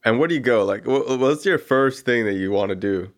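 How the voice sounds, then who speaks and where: A man's voice: mid-range voice, a little fast. A man hosting a podcast interview, laid-back and chatty, prompting his guest with short affirmations. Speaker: podcast host. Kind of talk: casual interview chat.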